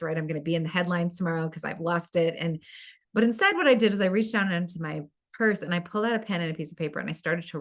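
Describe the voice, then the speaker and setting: A middle-aged woman, a podcast guest, telling a personal story in an animated way, with many asides. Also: fairly low pitch. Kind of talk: storytelling in an interview.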